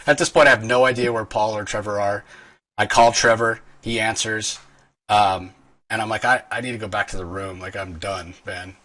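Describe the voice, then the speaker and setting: Male host, rambling animated storyteller, bright tone with a husky edge. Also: lowish voice. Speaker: podcast host. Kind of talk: casual storytelling chat.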